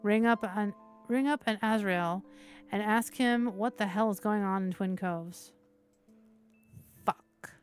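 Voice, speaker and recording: Woman streamer reading game text, steady narration with sweary asides, faint music behind. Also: medium pitch, takes it slowly, pauses often. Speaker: streamer, host. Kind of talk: reading a visual novel aloud with asides.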